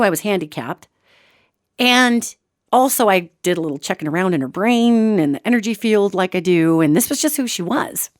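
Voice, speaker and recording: On her own radio show, a medium-pitched woman delivers a lively monologue about a dramatic personal story, shifting between loud outbursts and quiet asides while addressing listeners as "gang." The recording is dry, with clean studio sound.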